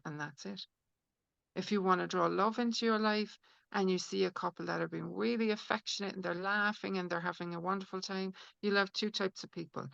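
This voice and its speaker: A woman guest on a podcast, talking through her ideas in an earnest, rambling way full of fillers and restarts. Her voice has a gravelly fry to it. The recording sounds dry and a little dull. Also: medium pitch, steady tone, normal speed, a bit bright, no room sound. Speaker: guest, spiritual healer. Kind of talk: conversational podcast interview.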